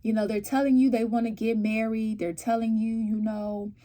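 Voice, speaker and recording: A woman's voice: fairly high pitch, moderate pace. Chatty woman doing a tarot reading. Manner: animated, checks in often with "right?" and "okay?"; exasperated rhetorical questions. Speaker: tarot reader. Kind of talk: casual tarot reading to viewers.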